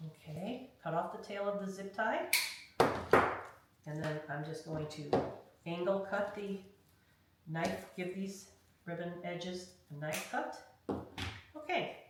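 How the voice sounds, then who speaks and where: A woman's voice: on the low side, slow pace, pauses often. A woman leading a hands-on craft tutorial, talking through each step in a chatty way and often checking in with "okay?". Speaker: craft instructor. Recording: very echoey room, mic far off, faint noise.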